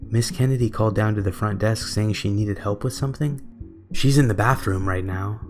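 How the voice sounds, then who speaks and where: A man's voice: fairly low pitch, brisk, music in the background, natural voice. A man voicing a cheery, sinister unseen man who invites the listener in with a chuckle in a horror story.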